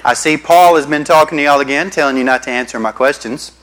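A man's voice: on the high side, quick pace, a bit bright, rough recording. A male pastor, preaching a sermon and telling stories to the congregation. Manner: storytelling, addresses the congregation as y'all.

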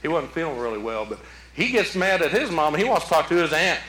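In a church sanctuary, a male pastor delivers a folksy Mother's Day sermon in a voice on the high side, sing-song, fast, and fairly bright, with reverberation around him. He speaks conversationally and keeps repeating rhetorical questions.

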